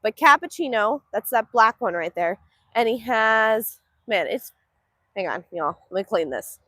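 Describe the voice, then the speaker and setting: A high-pitched woman chats on a livestream, her voice bouncing up and down as she reads comments and coos at the animals. She is outdoors and speaks into a phone. The sound is close and dry. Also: lively intonation, a little slow, fairly bright tone, no room sound. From Northeast Texas. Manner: chatty and affectionate, uses sing-song baby talk to animals. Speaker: livestream host. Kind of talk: casual livestream chat, reading viewer comments. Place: outdoors at a foggy cow pen.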